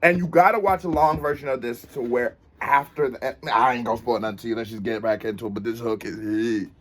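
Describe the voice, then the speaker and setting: A man hosting a casual reaction video, talking in an animated, joking and playful way. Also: medium pitch, brisk. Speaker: host reacting to a music video.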